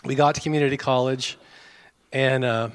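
A man's voice: mid-range voice, steady tone, normal speed, smooth. A middle-aged American man preaching a sermon in a conversational way, with asides to his congregation and small chuckles. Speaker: pastor.

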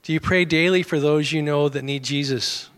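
A man's voice: on the high side, fairly even intonation, normal speed, a bit bright. A man preaching a sermon as pastor, folksy and conversational with self-deprecating humor. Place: church sanctuary. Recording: long hall reverb.

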